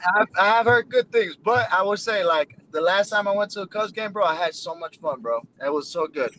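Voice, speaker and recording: A man's voice: high-pitched, expressive, brisk, fairly bright tone, a little hiss or hum, rough recording. A man talking on a video call while driving, rambling with lots of filler words and laughing. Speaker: guest. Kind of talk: casual chat on a call. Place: driving in a car.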